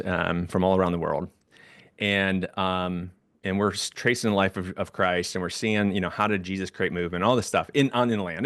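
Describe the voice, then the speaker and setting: Male co-host, deeper voice, casual chat, acts out the people in his stories; dry close mic. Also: no room sound. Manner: animated storyteller, acts out quoted voices. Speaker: ministry leader and podcast co-host. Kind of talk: casual conversation.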